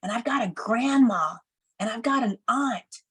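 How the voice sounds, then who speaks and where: A woman in her thirties telling a personal story to an audience, acting out the people she quotes with lively emphasis. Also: on the high side, a little slow, slightly rough, poor audio. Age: 30s. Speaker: speaker.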